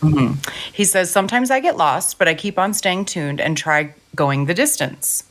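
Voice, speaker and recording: A woman's voice: on the low side, lively intonation, normal speed. A woman co-hosting a film podcast, chatting casually, laughing easily and reading listener email aloud. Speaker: podcast co-host.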